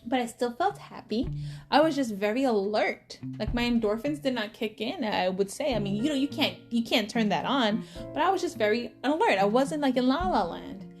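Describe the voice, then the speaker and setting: Chatty mother-vlogger in her 30s, slightly high voice, animated storytelling, music bed underneath. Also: normal speed. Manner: chatty, animated, repeats words for emphasis. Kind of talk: casual storytelling to camera. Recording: voice over clear background music. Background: background music.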